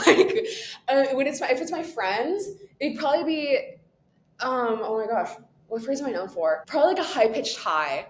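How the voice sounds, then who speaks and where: A young woman guesting on a podcast, chatting in a bubbly, quick way, laughing often and saying "like" a lot. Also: very animated. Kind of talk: casual chat. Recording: echoey room with faint rumble.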